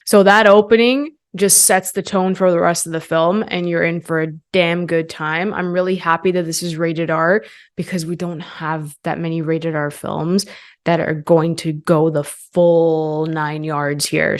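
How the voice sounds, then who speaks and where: A young woman hosting her own channel, giving a chatty and enthusiastic movie review with many casual fillers. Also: fairly low pitch. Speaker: film reviewer, channel host.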